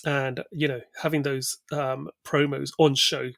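A man's voice: medium pitch, little pitch movement, measured pace, vocal fry, fairly bright tone, no echo, clean studio sound. A man co-hosting a casual chat, enthusiastic and full of fillers. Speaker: co-host.

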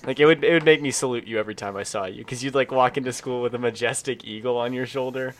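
A man's voice: mid-range voice, fast. A teenage boy co-hosting a casual podcast, cracking goofy jokes. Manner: goofy, jokey, lively. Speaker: podcast co-host. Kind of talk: casual chat.

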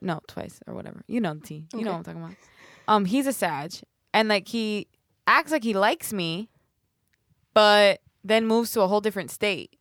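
A young woman co-hosting a podcast, chatting casually with friends and telling stories with lively quoted voices. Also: mid-range voice, no echo, studio quality. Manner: animated storytelling, quick voice switches for quotes. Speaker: podcast co-host. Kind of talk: casual chat among friends.

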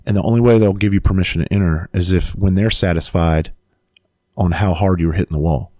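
Deep-voiced dude telling a wild story, swears a lot, super dry close sound. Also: male voice, brisk, dry recording. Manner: profane, animated storyteller. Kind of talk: casual storytelling.

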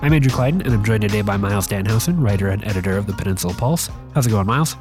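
A man hosting a podcast in a relaxed, chatty way, his voice stuffy and congested from a sinus infection, recording away from his usual studio. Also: lowish voice, racing, over music. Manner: relaxed, chatty, with fillers and restarts. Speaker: podcast host. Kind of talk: casual chat. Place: makeshift spot outside the usual studio.

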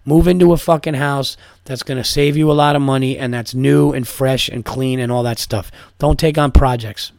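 A man's voice: mid-range voice, fairly even intonation, normal speed, gravelly, few pauses, darkish tone, dry recording, studio quality. Chatty, cursing male podcast host. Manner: chatty storyteller, swears freely, repeats words in restarts. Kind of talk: casual solo podcast chat.

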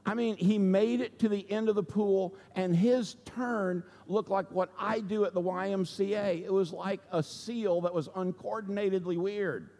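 Male pastor, sermon storytelling, conversational, high voice, long church reverb. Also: fairly even intonation, normal speed, hardly any pauses, darkish tone. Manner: conversational, asks the audience "okay?" and "right?".

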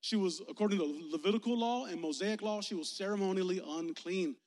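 A man's voice: sits high, brisk, darkish tone. A young man preaching a casual, playful sermon as youth pastor, talking with his listeners. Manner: playful, conversational, engaging the audience. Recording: echoey hall.

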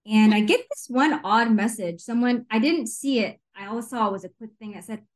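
Woman, fairly high voice, lively, giggly, casual storytelling. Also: moderate pace, rough recording.

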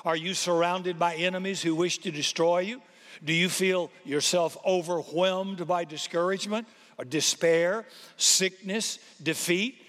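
A man's voice: high voice, a bit bright. A male pastor preaching a sermon in a church, dramatic and punchy, with humorous asides and rhythmic lists. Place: church auditorium. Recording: long reverb of a large church hall.

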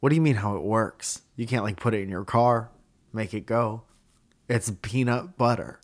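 A man co-hosts a relaxed podcast. His voice sits on the low side. He jokes in a dry, teasing, deadpan way and keeps the talk loose and conversational. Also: moderate pace. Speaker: podcast co-host. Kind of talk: casual chat.

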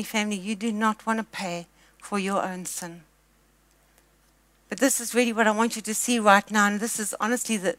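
A woman preaching a sermon, telling a story with emphatic loud peaks and quiet asides. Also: mid-range voice, dry recording.

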